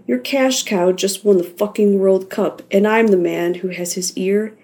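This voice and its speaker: A woman's voice: mid-range voice, measured pace, darkish tone, lightly acted. A woman voicing a sleazy, threatening male sports manager in an audiobook. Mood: menacing. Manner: smug, threatening, coaxing.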